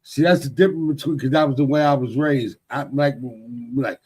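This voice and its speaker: A man's voice: mid-range voice, a little fast, few pauses, darkish tone, breathy edge. A man in a casual podcast chat, telling work stories in a blunt, profane, boastful way.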